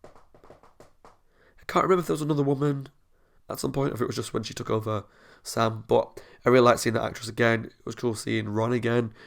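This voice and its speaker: A man's voice: mid-range voice, steady tone, fairly quick, creaky, pauses often. A young man hosting a TV reaction video, chatting in an enthusiastic, rambling way. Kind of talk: casual recap to camera.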